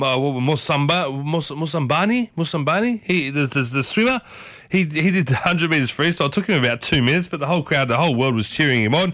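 Australian male breakfast host, enthusiastic rambler, mid-pitched, dry close studio sound. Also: a bit bright, no room sound. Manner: enthusiastic, rambling, reminiscing with lots of asides. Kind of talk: chatty community radio show. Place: radio studio.

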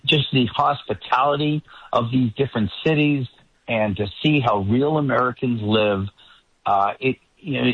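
A man with a faint Boston accent, heard through a tinny phone line with a fairly low voice. He talks in an easygoing way as a regular radio guest, and the line sounds dry and close. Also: breathy edge, dry recording. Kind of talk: talk radio commentary.

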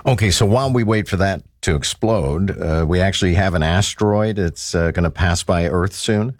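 A man's voice: sits low, normal speed, no echo, studio quality. A man hosting a talk radio show, conversational with wry asides.

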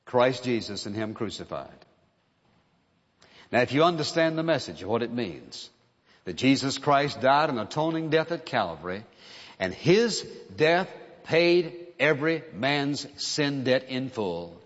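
A man's voice: mid-range voice, big pitch swings, measured pace, big-room sound, lo-fi sound. A man preaching a sermon in an earnest, emphatic way, driving points home with repeated phrases.

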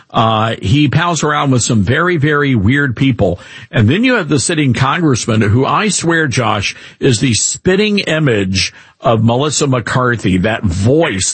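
A man's voice: mid-range voice, a bit bright, slightly rough, no echo. A man hosting a talk radio show, blunt and mocking as he questions a guest.

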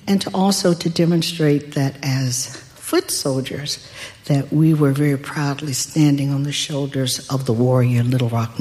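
An older woman telling a personal story in a deliberate, wry way. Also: low-pitched, mellow. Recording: long hall reverb.

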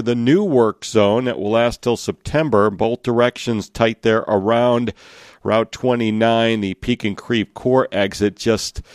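A man's voice: fairly low pitch, no echo, clean studio sound. Conversational male traffic reporter. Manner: conversational, shifting pace between road updates. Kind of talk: live radio traffic report.

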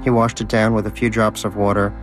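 A man reads a story aloud in a low voice with a wry, measured delivery. A faint musical bed plays quietly behind him. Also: level tone, faint music behind. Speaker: narrator. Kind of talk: storybook narration.

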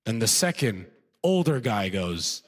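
A man doing a stand-up comedy routine, telling a story with quick impressions of the people in it. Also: lowish voice, big pitch swings, long reverb tail. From outside the United States.

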